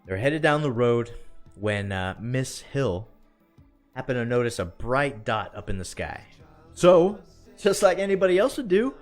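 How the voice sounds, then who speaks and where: Folksy man telling a country-style tale. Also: medium pitch. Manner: folksy, drawn-out, checks in with "all right?". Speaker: podcast co-host. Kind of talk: country storytelling.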